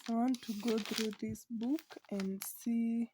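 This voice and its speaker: A young woman vlogging casually as a mother, talking softly and often near a whisper, switching between English and Swahili, emotional and close to tears. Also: on the high side, steady tone, slow, background noise. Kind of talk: casual vlog talk to camera.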